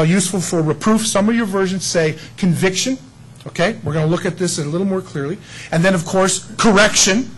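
A middle-aged man preaching a sermon, teaching a Bible verse in an animated way and joking about his own stories. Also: high-pitched, slightly rough, poor audio. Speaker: pastor.

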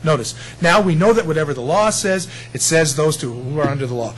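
A man preaching a sermon in an animated, conversational way, acting out short quotes. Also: fairly high pitch, brisk, soft background music, rough recording.

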